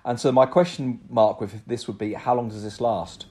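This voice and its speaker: A man's voice: medium pitch, fairly even intonation, moderate pace, a little mellow. A man co-hosting a football podcast, musing about players in a rambling way full of asides. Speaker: football journalist, podcast co-host. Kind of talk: casual football podcast chat.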